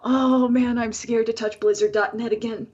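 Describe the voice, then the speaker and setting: A woman with a slightly high voice chats casually as a podcast co-host. She is blunt, swears freely and jokes about herself. Her mic sounds dull and lo-fi. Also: flat delivery, normal speed, darkish tone. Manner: blunt, swears freely, wry self-deprecating humor. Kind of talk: casual chat.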